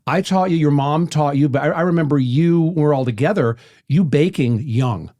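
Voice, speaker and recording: Casting: middle-aged dad host, playful and encouraging, mellow tone. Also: male voice, a little high, fairly quick. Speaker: podcast host. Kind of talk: casual chat.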